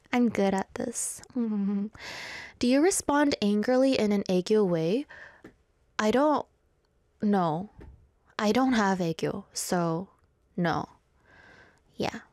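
A woman's voice: mid-range voice, takes it slowly, long pauses, darkish tone, dry recording. A woman hosting a radio show in a studio, chatting casually and playfully and reading listener messages with frequent giggles.

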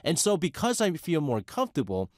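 Lively middle-aged New York radio host. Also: male voice, on the high side, brisk, no room sound, studio quality. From United States. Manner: rambling, with many fillers and restarts. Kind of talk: casual radio chat.

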